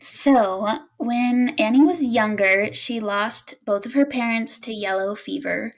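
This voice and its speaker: A woman's voice: a little high, slow pace, rough recording. A young woman co-hosting a casual podcast, telling a spooky story with frequent giggles. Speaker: podcast co-host.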